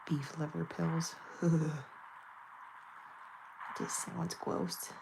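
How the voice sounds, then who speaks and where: A woman's voice: deep voice, little pitch movement, extremely slow, creaky, background noise. A woman chatting casually and giggling while doing her nails on camera. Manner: chatty, giggly, self-mocking. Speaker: nail vlogger.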